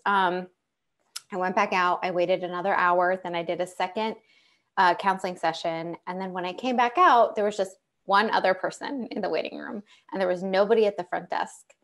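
Young adult woman, low-pitched, animated personal storyteller, many "um"s and restarts. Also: normal speed. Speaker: panel guest sharing personal story. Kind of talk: conversational personal account.

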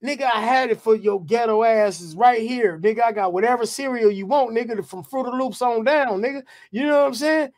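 A man, a guest rapper, telling a profane, animated anecdote in casual talk. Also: very high-pitched, a little fast, hardly any pauses. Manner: profane, animated, repeats "you know what I'm saying".

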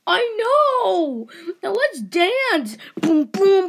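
A woman with a very high, lively voice plays out a goofy party skit. She talks slowly and playfully, often sinking into mumbled whispers between louder bits. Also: very noisy. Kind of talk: playful toy-play voices.

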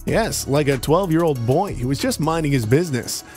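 A man with a somewhat high voice reads scripted commentary in a breezy, mocking way. Faint music plays underneath. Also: animated, normal speed, a little mellow. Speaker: commentary narrator. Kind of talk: scripted narration.

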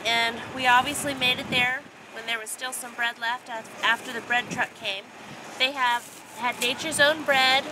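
A woman's voice: high voice, noisy background. A woman casually narrating a family vlog, chatty and upbeat with frequent fillers. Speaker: vlogger, mother of a large family.

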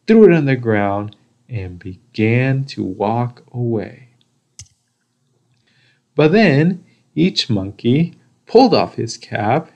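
A man reading a children's picture book aloud, slow and deliberate with pauses. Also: mid-range voice, vocal fry, a little mellow. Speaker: storybook reader. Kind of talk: children's story read-aloud.

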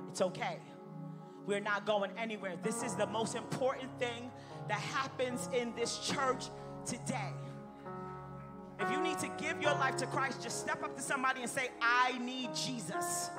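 A woman pastor preaching a sermon and leading an altar call in a church, with an impassioned, repetitive preaching cadence. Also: fairly high pitch. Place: church sanctuary with music behind. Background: worship music.

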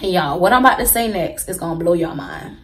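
A woman's voice: lowish voice, lively intonation, fast talker, rough recording. A young woman telling a storytime to her viewers in a casual, slangy way, talking straight to the audience. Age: young adult. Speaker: vlogger.

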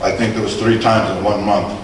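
A man's voice: on the low side, little pitch movement, brisk, background noise. Man in his forties or older, personal church testimony, conversational storytelling, acts out dialogue, very echoey hall, heard from far off. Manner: storytelling, acting out dialogue, chuckling. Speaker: guest speaker giving testimony.

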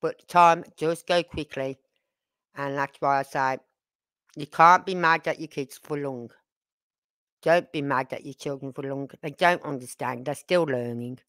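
A woman's voice: a bass voice, a little slow, fairly bright tone, dry recording. Older woman chatting in a dry voice. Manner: rambling, talks straight to viewers with tag questions. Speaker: livestream host. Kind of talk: casual live-stream chat.

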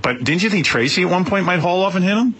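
A man on a talk radio show telling a story excitably and stammering through his restarts. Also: high voice, fast, noisy background.

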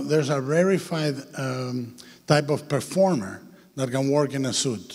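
A film director as interview guest, telling lively anecdotes with frequent hesitations, on the stage of a large hall. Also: male voice, mid-range voice, husky. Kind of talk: onstage festival interview. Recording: long hall reverb.

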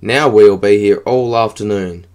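Guy doing a scornful impatient alien secretary, low voice, audiobook. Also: measured pace, darkish tone, clear, resonant tone, natural voice.

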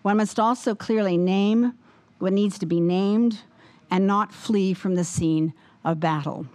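A woman giving a formal lecture with a slightly wobbly voice, speaking in a measured, deliberate way and taking questions afterwards. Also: medium pitch, dark tone. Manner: measured, deliberate, with many fillers when answering. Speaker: guest lecturer. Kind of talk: formal lecture, then audience Q&A.

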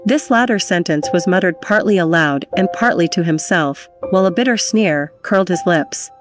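A woman's voice: lowish voice, normal speed. Woman narrating a classic novel. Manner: steady storytelling narration. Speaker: audiobook reader. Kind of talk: reading a classic novel aloud. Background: background music.

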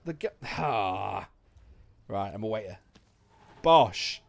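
A man streaming a video game, commenting live with swearing, shouting and laughing. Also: lowish voice, animated, slow pace, vocal fry, no room sound.

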